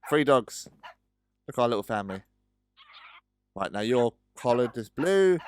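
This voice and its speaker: A gaming video host, this man comments casually on a building game, his medium-pitched voice swinging widely at normal speed over background noise. He's chatty but hesitant, full of ums, and often talks to his in-game pets.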